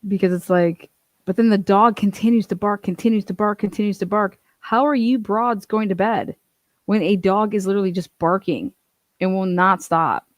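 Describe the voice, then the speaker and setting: A young adult woman giving casual true crime commentary, blunt and profane, telling stories with animated asides. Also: mid-range voice, normal speed, no room sound.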